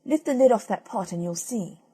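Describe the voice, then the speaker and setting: A woman's voice: medium pitch, animated, moderate pace, dark tone, breathy edge. A woman voicing a curt, scolding old henwife in a fairy tale. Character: cross old henwife of the glen.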